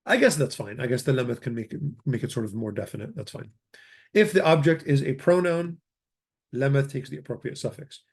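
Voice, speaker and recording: A man teaching a grammar lesson into a desk microphone. He speaks at an ordinary middle pitch. He is methodical, repeating example words slowly before translating them. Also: expressive, vocal fry, slightly rough. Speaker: language teacher.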